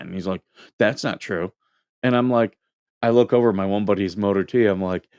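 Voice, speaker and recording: A man's voice: medium pitch, fairly quick, a little mellow, dry recording. A middle-aged man, a Marine veteran, hosting a casual livestream, reading comments and telling joking stories. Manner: joking storyteller, laughs at own anecdotes.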